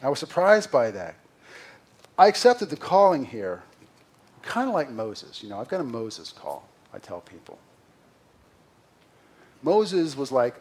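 Earnest pastor preaching a sermon. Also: male voice, medium pitch, very animated, normal speed. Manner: earnest, confessional, swings between loud emphasis and quiet asides. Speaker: senior pastor. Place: church sanctuary.

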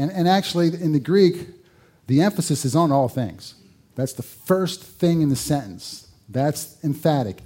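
Male preacher, warm mellow tone, chatty sermon delivery with asides and wry jokes. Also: fairly high pitch, animated, slow, long pauses. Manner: conversational, rhetorical questions, dry humor. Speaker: pastor.

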